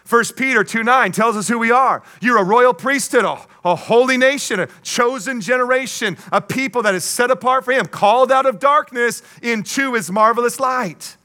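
A man's voice: very high-pitched, moderate pace, hardly any pauses, bright, forceful tone. A man preaching a sermon as pastor, emphatic, with call-and-response asides and playful jokes.

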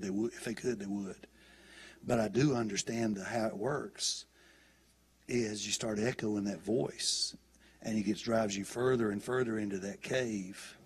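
A man's voice: lowish voice, breathy edge. A middle-aged male pastor preaching a sermon in a church, talking conversationally and often restarting and repeating words. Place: church sanctuary.

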